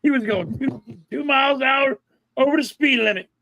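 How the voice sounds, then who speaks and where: A man's voice: very high-pitched, fairly quick, vocal fry, no room sound. A middle-aged man with a Philadelphia accent, co-hosting a casual podcast chat, telling stories with acted-out quotes and swearing freely. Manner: animated storyteller, acts out quotes, swears. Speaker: podcast co-host.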